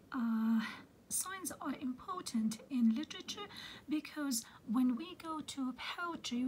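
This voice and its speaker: A woman teaching a literature lesson in a soft, half-whispered voice, patiently explaining and filling pauses with "okay". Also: sits high, slight background noise, poor audio. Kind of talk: recorded lecture on poetic meter.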